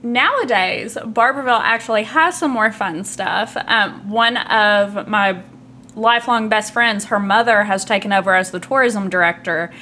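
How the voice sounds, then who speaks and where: Podcast guest, woman, Southern drawl, relaxed and talkative, faint noise behind. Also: mid-range voice, normal speed. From southeastern Kentucky. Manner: chatty, uses fillers, says y'all. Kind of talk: casual conversation.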